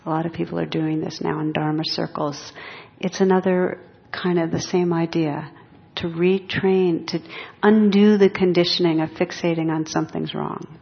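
Low gravelly-voiced woman meditation teacher. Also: steady tone. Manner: gentle, unhurried and reflective. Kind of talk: dharma talk. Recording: dull lo-fi recording.

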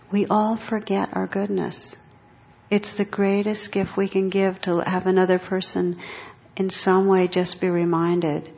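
A woman meditation teacher giving a gentle, reflective dharma talk. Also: fairly low pitch. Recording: dull lo-fi recording.

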